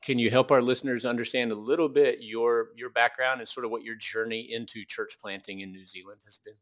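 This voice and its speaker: A man's voice: mid-range voice, fairly even intonation, a little fast, a bit bright. Male podcast host, casual and teasing, stumbles a little through his questions.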